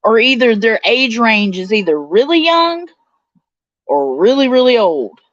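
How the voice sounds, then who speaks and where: A woman's voice: fairly high pitch, sing-song, measured pace, no echo. Woman, livestream host, casual chat with viewers, dry lo-fi sound. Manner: chatty, reads viewer comments aloud and answers them. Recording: dull, slightly lo-fi sound.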